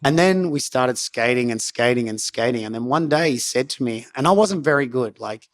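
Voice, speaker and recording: A man's voice: mid-range voice, expressive, moderate pace. A middle-aged Australian man with an Australian accent, telling stories as a guest in a casual interview, rambling with lots of "like" and acted-out quotes. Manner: rambling, laid-back, lots of "like" and quoted self-talk.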